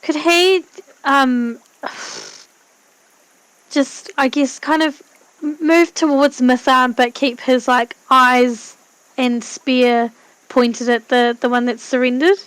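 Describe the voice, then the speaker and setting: Niepewna kobieta, gracz, wysoki głos. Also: female voice, sits high, fairly even intonation, slow pace, a bit bright, clear, resonant tone, no room sound, low-quality recording. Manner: tentative, hedging. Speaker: player.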